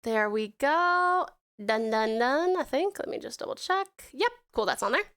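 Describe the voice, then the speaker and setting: A woman's voice: high voice, lively intonation, normal speed, fairly bright tone, smooth. A woman from the United States with a blended American and Australian accent, chatting as a streamer while drawing. She reads viewer messages aloud and thanks people with pet names. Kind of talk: casual live-stream chat while drawing.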